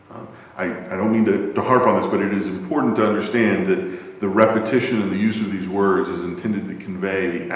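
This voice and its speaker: A deep-voiced man leads an adult Bible class in a church, explaining at an easy teaching pace. He hunts for words and fills the gaps with ums and uhs. His voice rings through a large, echoey hall with a long reverb tail. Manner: thoughtful, searches for words, many fillers.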